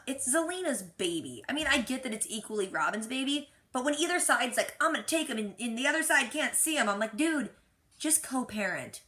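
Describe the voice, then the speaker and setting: A woman with a bright voice recaps a TV episode in a loose, chatty way. She is frank and opinionated and talks in casual slang. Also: on the high side. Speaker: reaction vlogger.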